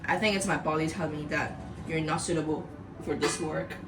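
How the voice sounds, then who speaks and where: A young woman from Macau, slightly hoarse from being sick, chatting casually and rambling playfully in a vlog. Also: low-pitched, steady tone, fairly quick. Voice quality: raspy. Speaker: vlogger. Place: home kitchen. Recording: echoey room, camera a bit far off.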